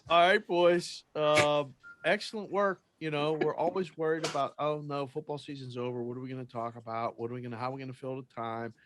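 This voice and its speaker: A man's voice: on the high side, fairly even intonation, fairly quick, few pauses, fairly bright tone. A man hosting a sports podcast, chatting in an upbeat way and plugging the show's segments. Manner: upbeat, chatty, plugs the show. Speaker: podcast host. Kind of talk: casual podcast chat.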